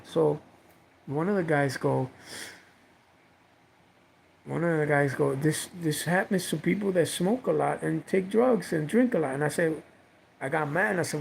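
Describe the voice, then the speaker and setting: A man's voice: fairly high pitch, expressive, moderate pace, creaky, long pauses, a little mellow, a little hiss or hum, low-quality recording. A man casually telling a personal story on a livestream, rambling, repeating himself and swearing now and then.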